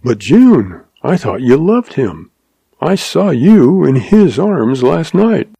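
A man voicing a quiet, steady young cowboy who speaks slowly. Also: fairly high pitch, creaky, slightly rough, dry recording, voice pushed up, heavily acted. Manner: slow, quiet.

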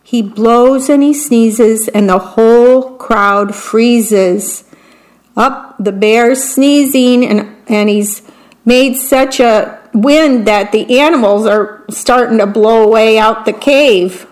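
A woman reads children's picture books aloud at an unhurried pace. Her voice sits a little high, and she pauses to talk about what is on each page. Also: low-quality recording. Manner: slow, expressive read-aloud with descriptions of the pictures. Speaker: storybook reader.

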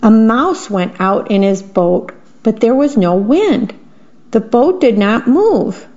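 A woman reads bedtime stories for radio at a slow, unhurried pace, her voice sitting a little high. She stops now and then to describe the pictures for her listeners. The sound is muffled and lo-fi, like an old radio broadcast. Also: expressive. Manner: gentle reading, pausing to describe the pictures. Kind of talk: reading children's bedtime stories aloud.

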